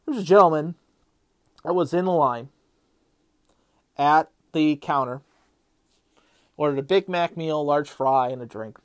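A middle-aged man hosting a casual monologue, rambling with many fillers and getting loud and heated as he rants. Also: a little high, a little slow, pauses often. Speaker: podcast host.

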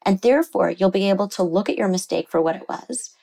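A woman psychotherapist talking in an interview, animated and explaining ideas, often slipping into quoted voices. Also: medium pitch, fairly quick, vocal fry. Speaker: psychotherapist guest. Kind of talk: conversational interview.

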